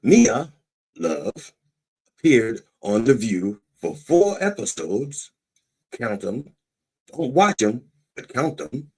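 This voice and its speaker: A man's voice: mid-range voice, sing-song, slow pace, long pauses, a little mellow, slightly rough. A man hosting a podcast, reading news items and breaking off into profane, sarcastic asides in a mock-preacher manner. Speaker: podcast host. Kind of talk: irreverent satirical commentary.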